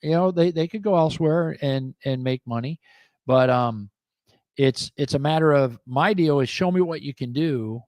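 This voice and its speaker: A middle-aged man co-hosting a local talk show, speaking bluntly in animated, opinionated casual chat and acting out the people he quotes. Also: fairly high pitch, moderate pace, no echo. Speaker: co-host and business owner.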